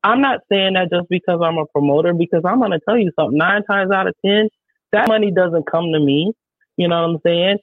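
Profane animated woman on tinny audio. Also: fairly low pitch, fairly quick, no echo. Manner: profane, animated, emphatic storytelling. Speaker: show promoter. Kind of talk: casual podcast storytelling. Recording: dry, tinny phone-like sound.

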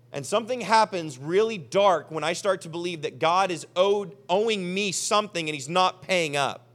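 Young male pastor, high-pitched, lively sermon delivery, acts out listeners' voices. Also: normal speed.

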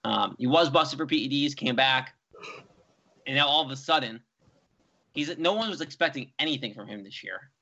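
A young man, co-hosting a casual sports chat, animated and rambling. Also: mid-range voice, moderate pace, pauses often. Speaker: co-host. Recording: dull lo-fi sound.

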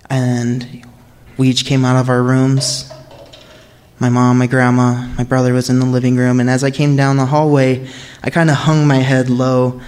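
A young man telling a true story live on stage, in an earnest, suspenseful manner. He lets hushed pauses build the tension. His voice sits at an ordinary middle pitch. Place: live stage before an audience.

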